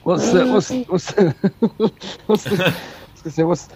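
A man hosting a casual podcast chat, chatty and quick to laugh, restarting his questions as he goes. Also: high-pitched, animated, gravelly, darkish tone, breathy edge. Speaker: host.

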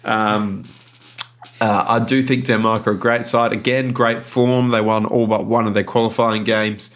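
A man's voice: on the low side, little pitch movement, measured pace, a bit bright. A man co-hosting a casual football podcast, rambling with lots of ums and restarts. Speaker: podcast co-host. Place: lives in Adelaide.

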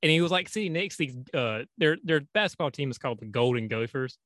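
A man's voice: fairly high pitch, fast talker, no room sound, clean studio sound. A man co-hosting a podcast, telling a rambling story in casual chat. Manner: animated, rambling. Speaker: podcast co-host.

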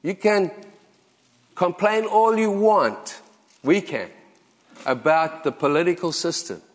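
A man's voice: sits high, slow, long reverb tail. A man preaching a sermon as pastor, earnest and exhorting, repeating key phrases for emphasis. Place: church sanctuary.

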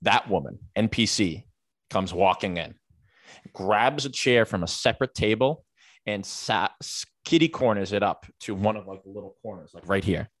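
A man's voice: on the low side, moderate pace, fairly bright tone, no echo, clean studio sound. A man who works as a teacher, telling a casual story with lots of fillers and the odd swear word. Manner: rambling, filler-heavy, profane.

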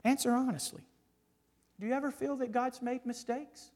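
A man preaching a sermon as pastor, asking the congregation rhetorical questions and tagging them with "right?", moving between loud emphasis and quiet asides. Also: very high voice, steady tone, moderate pace, long reverb tail.

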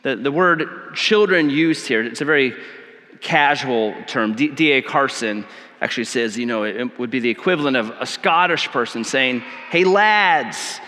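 A male pastor preaching a sermon in a relaxed, conversational way, telling self-deprecating stories with frequent stammered restarts. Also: mid-range voice, normal speed. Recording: long church hall reverb.

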